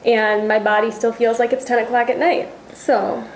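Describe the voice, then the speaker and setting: A woman's voice: a little high, level tone, normal speed, a little hiss or hum. A young woman co-hosting a casual sports chat, chattily telling travel stories. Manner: chatty, storytelling. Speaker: co-host. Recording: roomy echo.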